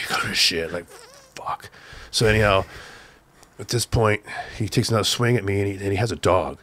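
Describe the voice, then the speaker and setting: An older man from Southern California, a guest telling an excited, profane story, acting out the shouts of the people in it. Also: on the low side, a little fast, no room sound. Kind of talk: animated storytelling on a podcast.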